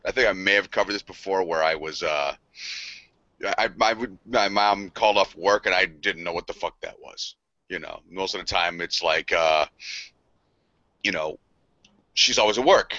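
Lower-voiced man, profane and rambling. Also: moderate pace, sharp tone, no room sound. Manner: profane, rambling, laughs often. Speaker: podcast co-host. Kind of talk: casual storytelling among friends. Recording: dry, dull lo-fi podcast audio.

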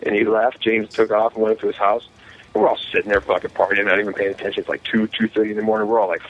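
A man's voice: fairly low pitch, racing. A man telling long, profane party stories in a casual chat among friends, acting out the other people's lines. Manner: profane, rambling anecdotes with animated quoted voices. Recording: muffled lo-fi recording with faint hiss.

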